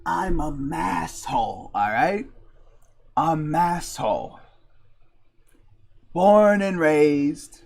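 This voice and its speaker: Young guy from massachusetts streaming a game, slow rambly jokey chat, lots of likes and you knows. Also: fairly high pitch, darkish tone. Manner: rambling, joking, full of fillers. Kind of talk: casual chat while gaming.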